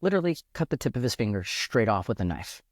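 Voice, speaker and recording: A man's voice: medium pitch, big pitch swings, fast, dry recording, clean studio sound. A man talking as a podcast guest in an earnest, reflective way, often restarting his sentences as he thinks aloud. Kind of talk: reflective casual conversation.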